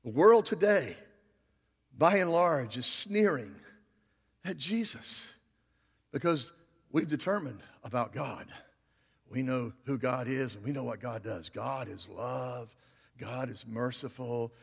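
A male pastor preaching a sermon, swinging between loud, emphatic passages and quiet, slow emphasis. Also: mid-range voice, lively intonation, gravelly, husky, long reverb tail.

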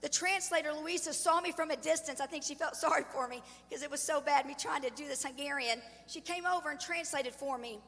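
Woman in her 40s telling her testimony from the pulpit, earnest and emphatic, high voice ringing in a big hall. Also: a little fast, vocal fry, few pauses, a bit bright. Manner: earnest storytelling, emphatic with rising intensity. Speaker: ministry president, guest speaker. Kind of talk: sermon testimony. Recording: long hall reverb.

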